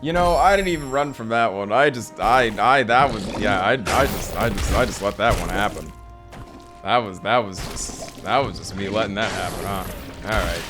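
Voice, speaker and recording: A man's voice: lowish voice, normal speed. A man streaming gameplay live, talking to himself, yelping and groaning at the game, and rambling in asides. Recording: game music behind voice.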